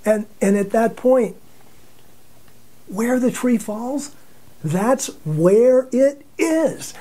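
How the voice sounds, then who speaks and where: A man's voice: extremely high pitch, expressive, slow pace, warm tone. A man giving a Bible teaching in a chatty storytelling way, often chuckling and repeating words as he restarts. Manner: conversational storytelling with frequent chuckles. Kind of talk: sermon teaching.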